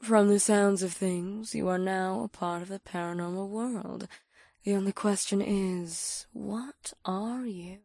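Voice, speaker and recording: Ageless succubus, playful and knowing, mid-pitched; actress. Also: female voice, steady tone, a little slow, gravelly, a little mellow, no echo, clean studio sound. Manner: playful, knowing, sing-song. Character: ageless, sly succubus woman.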